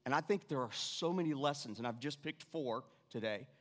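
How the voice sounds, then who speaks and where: A man preaching a sermon, animated, repeating his lines and dropping suddenly to quiet. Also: medium pitch, brisk. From Irish family background. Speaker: pastor. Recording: long reverb of a church hall.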